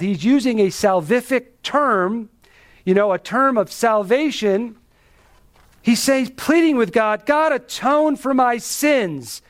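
In an expository sermon, a male preacher speaks emphatically and leans on rhetorical questions. For added weight, he lets his pitch fall dramatically.

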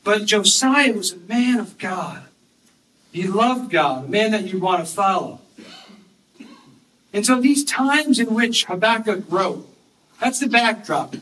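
A man preaching a sermon, earnestly explaining scripture and reading verses slowly and with emphasis. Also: sits high, sing-song, a bit bright. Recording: distant mic with faint background noise.

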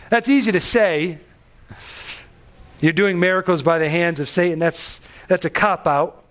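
A man preaching a sermon on a Bible passage, animated and emphatic, pushing his voice up on key phrases. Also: fairly high pitch, moderate pace. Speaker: pastor.

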